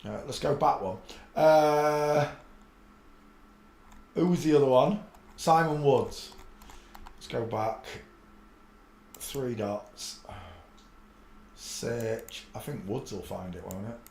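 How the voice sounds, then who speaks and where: A man's voice: mid-range voice, takes it slowly, gravelly, long pauses, a little mellow, a little hiss or hum. A man hosting a casual live stream, rambling and muttering to himself as he searches for clips. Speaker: channel host. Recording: echoey room.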